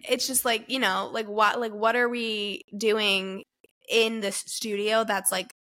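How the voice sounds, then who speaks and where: Young woman on a podcast, talks fast and loose, says like a ton, acts out little stories. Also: mid-range voice. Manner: chatty, heavy use of "like", animated retellings. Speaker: podcast co-host. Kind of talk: casual chat.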